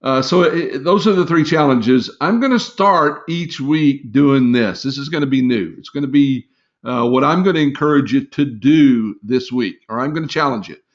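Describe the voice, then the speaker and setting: A middle-aged man hosts a sales training webinar in a folksy, encouraging way, with plenty of fillers and restarts. His voice sits at an ordinary pitch. The audio is somewhat dull and lo-fi. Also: normal speed. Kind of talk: casual live webinar talk.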